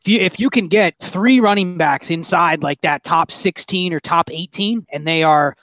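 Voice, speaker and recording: A man's voice: sits high, moderate pace, a bit bright, no echo. Analytical man talking fantasy football, dry mic. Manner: analytical, talks in long qualified runs. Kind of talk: casual fantasy football chat.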